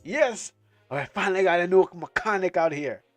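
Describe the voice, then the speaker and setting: A man voicing an older male Jamaican shop mechanic, speaking loudly and heartily in a Jamaican accent. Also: sits high, lively intonation, moderate pace, no room sound, faint music behind, pitched above the performer's own voice. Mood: delighted.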